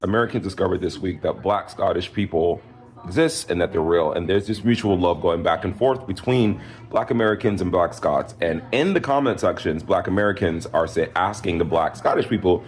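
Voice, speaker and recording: A man's voice: low voice, animated, a little fast. A man hosting a commentary video, explaining earnestly. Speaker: commentary host.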